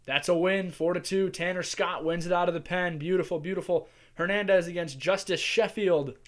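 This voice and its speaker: A man's voice: high voice, fairly even intonation, normal speed. A man hosting a gaming channel, musing aloud in casual commentary as he manages a baseball sim from a home desk mic. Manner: chatty, musing aloud while playing.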